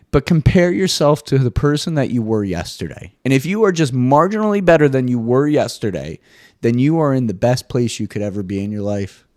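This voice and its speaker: Animated swearing man on a podcast. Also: brisk, no echo, clean studio sound. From US East Coast. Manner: animated, swearing, jumps into high mock voices. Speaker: podcast host. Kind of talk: casual solo monologue.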